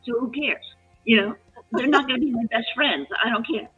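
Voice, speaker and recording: A woman tells a long work story over a call in a loose, animated way. She keeps restarting sentences and her voice rises as she gets worked up. Her voice is a little high and husky, and it comes through a tinny phone line with faint music underneath. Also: brisk. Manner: animated, emotional retelling with restarts. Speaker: live chat guest. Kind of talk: casual storytelling chat.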